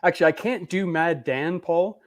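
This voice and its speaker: A man's voice: a little high, normal speed. A man hosting a live beer-review stream, talking in a chatty, rambling way. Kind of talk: casual live-stream chat.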